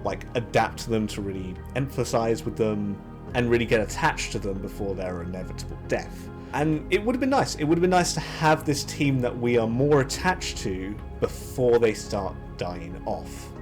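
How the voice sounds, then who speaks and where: A young man reviews shows in a loose, talkative way, his pitch rising and dropping freely. He stops and restarts sentences often. Faint music plays quietly under his voice. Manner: lively, chatty, frequent restarts and fillers. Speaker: anime reviewer. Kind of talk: casual commentary.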